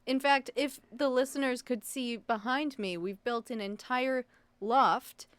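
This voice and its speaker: A woman's voice: high voice, measured pace, fairly bright tone, clear, resonant tone, dry recording. A woman co-hosting a podcast in casual chat, dropping wry, teasing asides. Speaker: podcast co-host.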